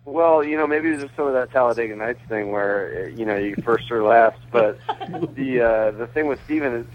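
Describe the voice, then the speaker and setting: A man who is a guest on a radio show, telling stories over the phone in a chatty way, laughing often and restarting his sentences. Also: lowish voice. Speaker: baseball pitcher and racing team owner, guest. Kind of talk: casual phone interview. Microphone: phone call. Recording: tinny phone line.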